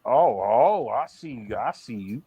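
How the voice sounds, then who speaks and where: A man from the East Coast, co-hosting a podcast, trash-talking in loud, mocking banter and tacking "bro" onto line after line. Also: medium pitch, expressive, measured pace, slightly rough, no room sound, narrow, tinny audio. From Baltimore area, East Coast US. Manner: brash, mocking, repeats himself with "bro". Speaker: podcast co-host. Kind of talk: casual trash-talk banter.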